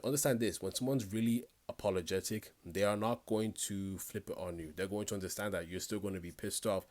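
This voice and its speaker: A man's voice: lowish voice, brisk, hardly any pauses. A man giving reaction commentary, talking bluntly and directly to the viewer in a conversational way.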